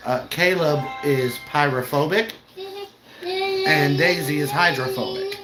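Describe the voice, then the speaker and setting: Very deep-voiced woman, echoey room. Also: huge pitch swings, slow, loud music behind the voice. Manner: laid-back storytelling, profane and blunt. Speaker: game master recapping the session. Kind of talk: casual podcast recap. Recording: echoey room with clear background noise.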